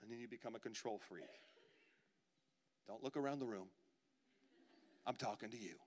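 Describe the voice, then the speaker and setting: A man preaching a sermon as pastor, swinging from loud pleading to near-whispers. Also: lowish voice, normal speed. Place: church sanctuary. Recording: long reverb of a church hall.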